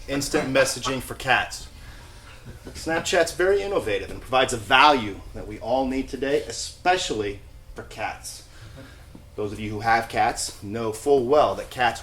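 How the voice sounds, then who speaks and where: A man with a mid-range voice delivers an invented pitch in a deadpan corporate tone, with chuckles slipping through. The room gives his voice a noticeable echo. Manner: mock-earnest corporate tone with chuckles. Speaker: pitch presenter. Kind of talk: improvised comic pitch. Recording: echoey room.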